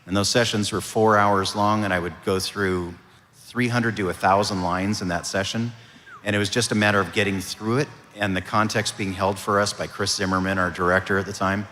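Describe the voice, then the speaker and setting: A man, a voice actor, answering audience questions at a convention panel in a relaxed, storytelling way. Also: on the low side, a little fast. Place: convention hall. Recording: reverberant convention hall.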